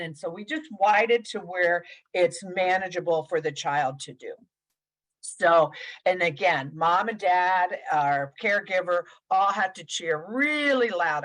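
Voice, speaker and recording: Woman, play therapist, webinar talk, fairly low voice, casual with fillers, video call. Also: fairly bright tone, low-quality recording. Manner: conversational, many fillers, guides listeners through hands-on activities. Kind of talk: webinar presentation.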